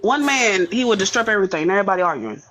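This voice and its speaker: A woman's voice: medium pitch, animated, racing, a crowd in the background. A woman with a New Orleans accent, teasing and joking with profanity on a podcast panel. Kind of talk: casual group chat.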